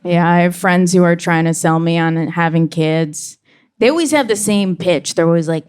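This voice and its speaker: A young woman performing a stand-up comedy set on a club stage, delivering deadpan punchlines and slipping into quick voices for the characters in her stories. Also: on the low side, clear, resonant tone. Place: comedy club stage before a live audience.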